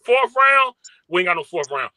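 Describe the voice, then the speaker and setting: A high, very bright male voice, recorded dry and close. He argues emphatically on a casual sports show and leans on stats to make his case. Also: sing-song, moderate pace, no echo. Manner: emphatic, argumentative, cites stats.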